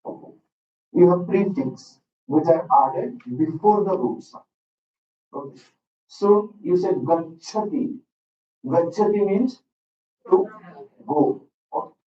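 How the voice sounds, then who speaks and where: A man with an Indian English accent giving a classroom lecture, teaching slowly and deliberately, repeating words and checking in with "okay". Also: high voice, slight background noise. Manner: slow, deliberate teaching with frequent "okay" and repetition. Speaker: lecturer on Sanskrit texts. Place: school hall. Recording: roomy, dull sound from a distant mic.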